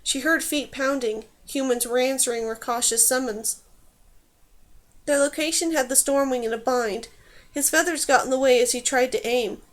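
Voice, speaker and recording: A woman reading a fantasy novel aloud in steady, clear scripted narration. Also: sits high, moderate pace. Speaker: audiobook reader.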